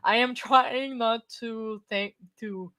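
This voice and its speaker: A woman hosting a livestream, talking in a rambling, halting way while she has the hiccups. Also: a little high, steady tone, sharp tone, clear, resonant tone, dry recording. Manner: rambling, self-interrupting, halting. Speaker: livestream host. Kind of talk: casual livestream chat. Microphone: desk microphone.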